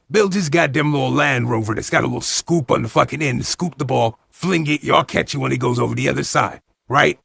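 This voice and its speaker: A man's voice: mid-range voice, brisk, vocal fry, hardly any pauses, fairly bright tone, breathy edge, no echo, studio quality. A man retelling a movie plot as comedy, swearing constantly in loose slang and acting out the characters' lines. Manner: heavy swearing, slangy retelling with acted-out quotes. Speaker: movie recap host. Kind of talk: profane comedic movie recap.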